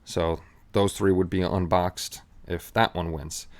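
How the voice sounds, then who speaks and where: Low, smooth-voiced man chatting. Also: flat delivery, a little slow. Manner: rambling, with frequent restarts and fillers. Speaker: live stream host. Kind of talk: casual live stream chat.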